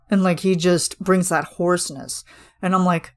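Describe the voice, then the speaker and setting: A woman's voice: fairly low pitch, fairly even intonation, normal speed. A woman hosting a podcast, chatting casually and gushing enthusiastically about a music video, with many fillers. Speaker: podcast host.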